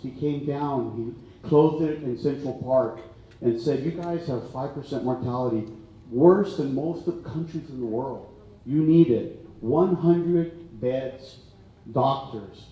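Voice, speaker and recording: A man's voice: medium pitch, mellow, a little hiss or hum. An older man, a county health physician, giving a rambling, emotional town hall speech full of fillers. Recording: echoey hall, distant mic, dull sound.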